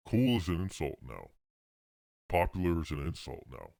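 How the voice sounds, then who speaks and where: A man's voice: a bass voice, sing-song, normal speed, gravelly, darkish tone, no room sound, clean studio sound. A man hosting a podcast, ranting in a casual, rambling, profane comedic way. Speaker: podcast host.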